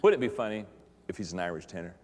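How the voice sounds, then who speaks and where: A man's voice: low voice, lively intonation, racing, darkish tone. A middle-aged man giving a humorous motivational talk to pastors, joking and playfully acting out other voices before an audience in a large hall. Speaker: leadership speaker addressing pastors. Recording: long reverb of a large hall.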